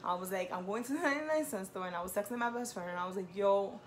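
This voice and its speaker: A young woman telling a personal story in a casual, animated way. She talks in slang, fills her talk with "like", and voices the people in the story. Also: rapid-fire, a little hiss or hum. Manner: animated, quotes herself and others with rising pitch; heavy use of "like", slangy. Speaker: vlogger.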